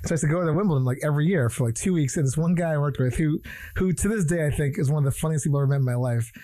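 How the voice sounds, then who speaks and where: A man's voice: on the high side, racing, warm tone, no room sound. A man co-hosting a casual podcast, telling rambling stories and laughing often. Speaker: podcast co-host. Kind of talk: casual chat.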